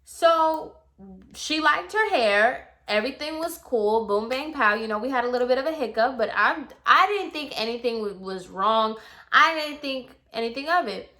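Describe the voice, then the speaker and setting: A woman's voice: sits high, animated, moderate pace, bright, forceful tone. A young woman hairstylist telling a casual story about a client, chatty and loose, full of "like" and "you know".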